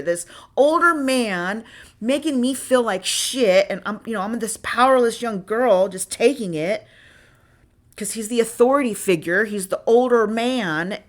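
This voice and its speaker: A woman hosting a podcast, telling candid personal stories in an animated, profane way, moving from loud venting to low asides. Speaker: podcast host.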